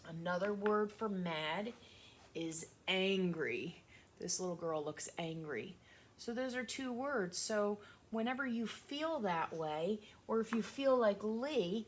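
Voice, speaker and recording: A woman teacher giving a remote lesson to young children, speaking slowly and in a sing-song way. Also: lowish voice, a little hiss or hum.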